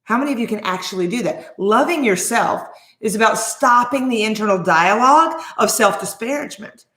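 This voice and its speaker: A woman's voice: fairly high pitch, lively intonation, a little fast, fairly bright tone. A woman in her forties, a life coach, giving an emphatic motivational talk to camera with lots of rhetorical questions. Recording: roomy echo.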